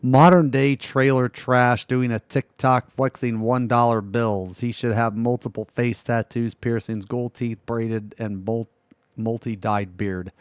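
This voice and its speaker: A young man streaming live, reacting loudly with blunt, profane jokes and laughter. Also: mid-range voice, fairly even intonation, measured pace, clear, resonant tone, dry recording.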